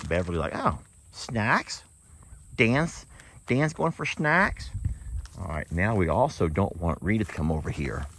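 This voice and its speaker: A man with a low, deep voice and a drawl, who narrates his sanctuary vlog in a chatty, folksy way. He talks to the animals as much as to his viewers. He is recorded outdoors in a pasture. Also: heavy background noise.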